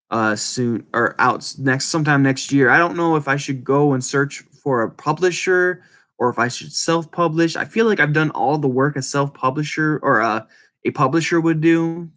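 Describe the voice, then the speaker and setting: A man with a speech impediment chatting casually and rambling to viewers, halting and apologetic, often restarting his words. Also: mid-range voice, pushed and bright. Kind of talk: casual rambling livestream chat.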